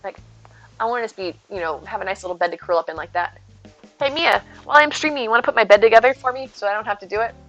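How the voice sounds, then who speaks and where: Speaking rapid-fire in a mid-range, slightly bright voice, a woman streamer plays a game while casually chatting with viewers. She talks sweetly about her cat over soft background music.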